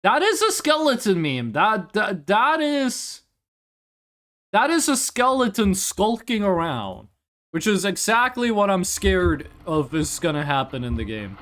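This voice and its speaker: A man's voice: high voice, very animated, a little slow, fairly bright tone. A young man streaming live, chatting casually and rambling in reply to his chat, often restarting his sentences.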